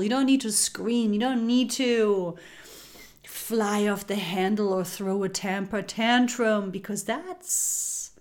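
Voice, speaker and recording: Slow, soft-spoken woman giving spiritual guidance. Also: medium pitch. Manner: soft and unhurried, drops into whispers for emphasis; repetitive, incantatory phrasing. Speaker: spiritual podcast host.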